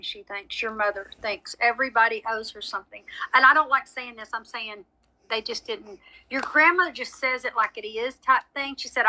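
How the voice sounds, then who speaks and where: A woman's voice: a little high, moderate pace, sharp tone, rough recording. Woman, psychic medium, live chatty reading, frank, apologetic, brilliant tone. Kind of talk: live social media reading.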